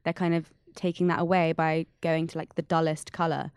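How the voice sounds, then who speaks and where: A woman's voice: deep voice, flat delivery, brisk, clear, resonant tone, no room sound, clean studio sound. A woman co-hosting a podcast in casual chat, talking in a thoughtful, hedging way with many fillers. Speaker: podcast co-host.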